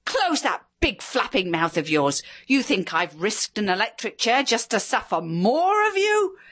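A woman's voice: fairly high pitch, sing-song, unhurried, a bit bright, no room sound, heavily acted. A woman voicing a bitter, scornful husband in a spoken story, sneering and sarcastic. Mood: raging.

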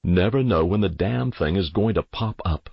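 Storybook read-aloud: curt strict father, deep gravelly voice, read by a man. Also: expressive, normal speed, no echo, dull audio, heavily acted. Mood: stern. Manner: stern, curt. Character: stern, dismissive middle-aged father.

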